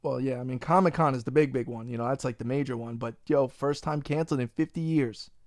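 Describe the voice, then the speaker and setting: A man's voice: mid-range voice, fast, no room sound. Ranting New man, dry close sound. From Long Island, New York. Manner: profane, animated ranting, says "bro" a lot. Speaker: podcast host. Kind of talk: casual podcast chat.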